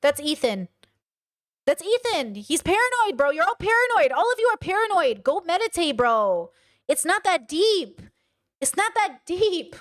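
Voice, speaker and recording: A woman streamer giving casual reaction commentary, blunt and animated, swearing freely as she rants. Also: very high voice, moderate pace.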